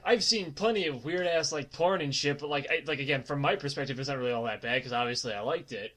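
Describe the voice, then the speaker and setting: Sarcastic young man, slightly high voice. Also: fairly bright tone. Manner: crude, sarcastic, heavy swearing. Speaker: podcast co-host. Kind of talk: casual chat.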